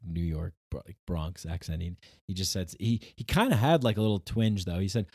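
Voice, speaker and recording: A man's voice: low-pitched, fairly quick, hardly any pauses, a little mellow, breathy edge, dry recording, clean studio sound. A man hosting his own podcast, telling a personal story in a rambling, casual way with many restarts and acted-out quotes. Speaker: podcast host.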